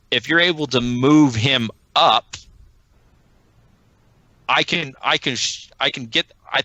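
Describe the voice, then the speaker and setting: A man in a tabletop role-playing session who laughs often and talks through tactics as he thinks. His voice is bright. The close recording is dry. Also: medium pitch, no echo, low-quality recording. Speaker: player. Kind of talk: tabletop game chat.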